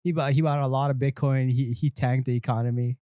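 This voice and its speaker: Male co-host, eager trivia-sharer, middle pitch, dry room. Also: steady tone, a little fast, dark tone, clear, resonant tone, no room sound. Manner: chatty, eager to share facts. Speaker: podcast co-host. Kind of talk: casual chat.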